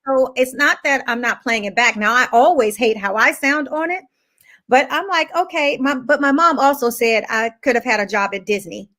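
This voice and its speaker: A woman co-hosting a casual chat who teases and laughs, with a voice she calls pitchy. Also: moderate pace, sharp tone. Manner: laughing, teasing, repeats words when starting. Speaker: co-host who makes the sound bites.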